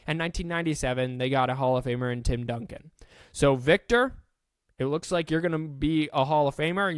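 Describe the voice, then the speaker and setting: A man's voice: a little high, clean tone, no echo. A man hosting a casual solo sports podcast, chatty and self-deprecating, stumbling now and then over names.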